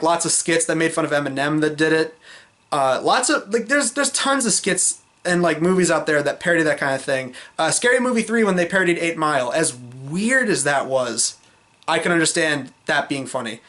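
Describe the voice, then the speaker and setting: A man talking through a film in a loose, off-the-cuff review vlog. His voice sits a bit high, and he hedges and restarts as he goes, blunt and fed up with the weak parts. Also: lively intonation, normal speed, fairly bright tone. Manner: rambling, with many fillers and restarts; frank, exasperated criticism.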